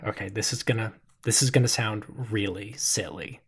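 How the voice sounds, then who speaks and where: A man's voice: fairly low pitch, moderate pace, gravelly, a bit bright, slightly rough, heavily acted. A man voicing a friendly suburban father in a tabletop role-play, affable and chatty with sudden intense turns.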